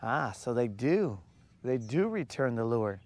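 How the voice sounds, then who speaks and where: A man's voice: medium pitch, big pitch swings, measured pace, a little mellow. A man chatting casually and joking with slang while fishing from a boat on a lake. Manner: laid-back, slangy, joking. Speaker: fishing vlogger.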